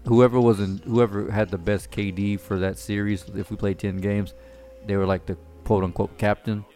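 A man's voice: on the low side, normal speed, soft background music. A man telling profane stories in casual chat with friends, laughing often. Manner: profane, laughing, animated storyteller.

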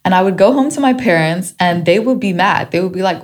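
A woman's voice: fairly low pitch, expressive, a little fast, hardly any pauses. A woman from Kenya whose accent shifts between Kenyan and British, hosting a solo podcast in a reflective, candid manner. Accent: shifting mix of Kenyan and British. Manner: reflective and candid, warming to playful. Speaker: podcast host.

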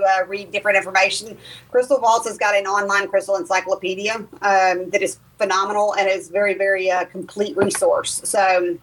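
A woman with a Southern US accent chats as a guest about her teaching. She talks at an easy pace, halting often with ums and restarts. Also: mid-range voice, a bit bright, low-quality recording. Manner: hesitant, many ums. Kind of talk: casual chat.

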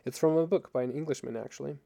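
A man reading a story aloud and voicing a cheerful young woman, barely shifting from his own gravelly voice. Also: medium pitch, warm tone, natural voice. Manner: cheerful, quick with answers.

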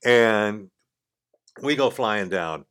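An older man, a podcast guest in a radio studio, tells a story casually and with animation, acting out the voices of the people in it and chuckling mid-story. His voice is on the low side, and he speaks extremely slowly.

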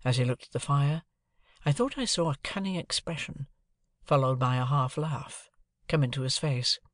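In clean studio sound with no room echo, a man with a mid-range voice narrates an audiobook at an even, deliberate storytelling pace.

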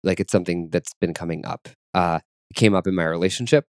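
A man talking openly about his feelings in a relaxed chat, earnest and searching, with many fillers and restarts. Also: low-pitched, fast talker, clean tone, no room sound, studio quality. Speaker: guest. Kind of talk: reflective personal chat.

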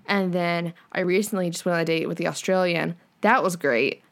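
A woman's voice: lowish voice, a little fast. A woman co-hosting a podcast in casual chat, talking freely with lots of fillers and casual swearing. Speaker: podcast co-host.

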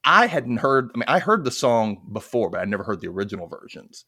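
Southern American male host, chatty and rambling, lively pitch, dry close mic. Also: fast talker, breathy edge, no room sound. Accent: Mississippi Southern American. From United States. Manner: rambling, chatty, laughs at his own jokes. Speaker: podcast host. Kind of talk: casual podcast chat.

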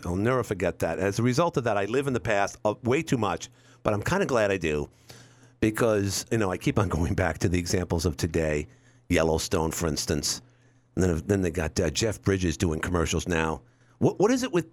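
A man's voice: on the low side, dry recording. A man in his fifties hosting a talk radio show, rambling wryly and repeating words as he chats. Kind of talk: casual talk radio monologue. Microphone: studio microphone.

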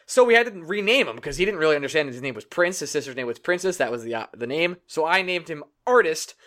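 A man's voice: a little high, lively intonation, fast, bright, forceful tone. A young man in his twenties hosting a casual podcast, joking and laughing often as he tells stories. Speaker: podcast host. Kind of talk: casual chat.

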